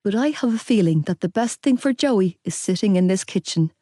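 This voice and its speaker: A calm, caring middle-aged woman in an audiobook, gentle and measured, as a female narrator reads her. The voice is mellow and dry. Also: mid-range voice, no echo, lightly acted. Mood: gentle concern.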